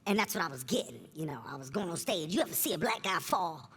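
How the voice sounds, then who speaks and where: A man telling candid stories in an interview as a comedian guest, earnest and animated, at a live event before an audience. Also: on the high side, fast.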